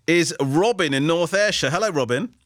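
A man's voice: a little high, animated, moderate pace, a bit bright, no room sound, clean studio sound. A man hosting a radio phone-in, chatty and encouraging with callers. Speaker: radio show host.

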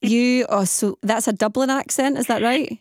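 A woman's voice: on the high side, normal speed, a little mellow, dry recording, studio quality. A woman hosting a radio phone-in, talking with callers in a curious, conversational way. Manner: friendly, curious, conversational, laughs easily. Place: radio studio.

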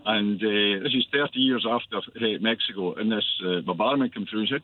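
A Scottish man in his sixties calling a radio show, telling a long story in a rambling, enthusiastic way with many pauses. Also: on the low side. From Scotland. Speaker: caller. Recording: tinny phone line.

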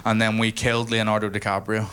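A man's voice: lowish voice, flat delivery, fast talker, fairly bright tone. A man with a Northern Irish accent doing a stand-up comedy set in a small live room, brash and teasing the crowd. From Northern Ireland.

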